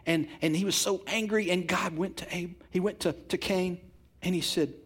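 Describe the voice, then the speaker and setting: A man preaching a sermon, moving from quiet, intimate passages to loud, emphatic ones, repeating words for stress. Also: high-pitched, steady tone, normal speed, slightly rough. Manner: repeats and restarts words when stressing a point. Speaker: pastor.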